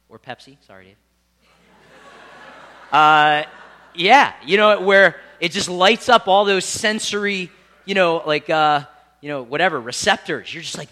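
A young man preaching a sermon, telling stories with lots of asides and animated delivery. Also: a little high. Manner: animated storytelling with asides and laughs.

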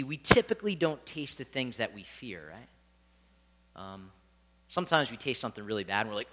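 A young man preaching a sermon, telling stories with lots of asides and animated delivery. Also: mid-range voice, normal speed. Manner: animated storytelling with asides and laughs.

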